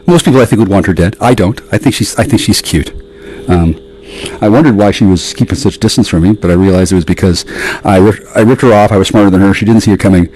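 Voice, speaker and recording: Ranting, sarcastic low-voiced man. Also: fast, a little mellow, a little hiss or hum, low-quality recording. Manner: profane, sarcastic, ranting with sudden jumps in pitch. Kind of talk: rambling monologue to camera.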